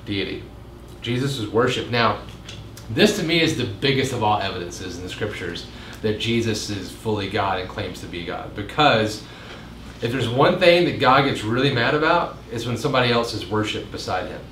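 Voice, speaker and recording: A pastor giving a casual midweek Bible teaching, chatting with jokes and asides and acting out quoted lines in a raised voice. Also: male voice, animated, normal speed, a bit bright. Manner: conversational, jokes and asides, acts out quotes with rising pitch. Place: meeting room. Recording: roomy echo, faint room noise.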